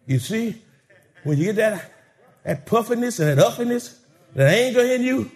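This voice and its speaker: A man preaching a fervent sermon, chanting hymn lines and shouting to the congregation. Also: high voice, lively intonation, normal speed.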